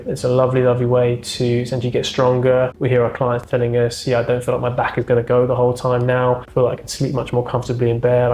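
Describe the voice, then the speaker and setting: A man guides a listener through back and core exercises, cueing each movement and counting down the reps. His voice sits at a middling pitch and tightens a little while he holds a position himself. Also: darkish tone, a little hiss or hum. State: slightly strained while holding the exercise. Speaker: chiropractor. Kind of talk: exercise demonstration.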